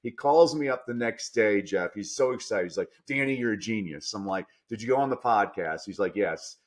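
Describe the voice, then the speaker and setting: A man speaking as a guest on a podcast, telling coaching stories with lots of energy, jumping from low asides up to loud, emphatic punchlines. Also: expressive, brisk. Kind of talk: animated storytelling in a podcast interview.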